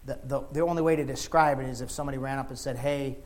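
A middle-aged man preaching a sermon in folksy, informal words, moving from quiet talk to impassioned shouting. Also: medium pitch, steady tone, fast.

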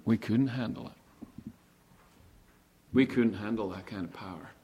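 A man preaching a sermon with animated delivery, asking rhetorical questions and slowing down to stress key words. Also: fairly low pitch, a little hiss or hum. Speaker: pastor.

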